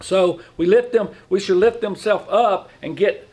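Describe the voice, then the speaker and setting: Middle-aged man, lay preacher, folksy sermon delivery, slightly high voice, keeps asking the congregation questions. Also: measured pace, darkish tone. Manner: folksy, asks the room questions; speaks in plain, informal grammar. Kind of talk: conversational sermon.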